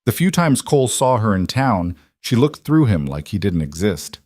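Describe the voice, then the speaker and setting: A man narrating a western story in a calm, measured way. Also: on the low side, no room sound, clean studio sound.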